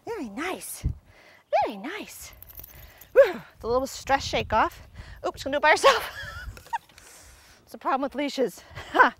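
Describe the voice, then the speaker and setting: Woman, dog agility trainer, high voice, very lively pitch, squealing praise, frequent laughter, outdoor yard. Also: measured pace, long pauses, a little hiss or hum. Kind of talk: hands-on coaching and explaining.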